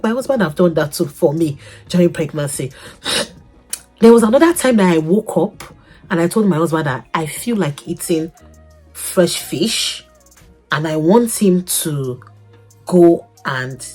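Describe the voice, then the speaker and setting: Young woman, vlogger telling a story with big swings in pitch, a slightly husky voice. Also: a little slow, soft background music. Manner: animated, laughing, swings between loud outbursts and soft asides. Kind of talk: casual storytelling to camera.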